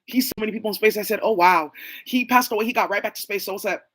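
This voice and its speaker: A woman's voice: medium pitch, very fast. A woman talking in a rambling, profane monologue, leaping from name to name and claim to claim. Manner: rambling, profane, jumping between names and claims.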